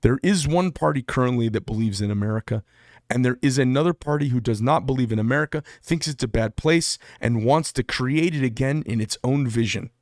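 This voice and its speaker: A man's voice: mid-range voice, brisk, darkish tone, dry recording. Guy ranting on his channel, blunt and swearing a lot, heated, dry close sound. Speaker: channel host. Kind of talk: political rant to camera.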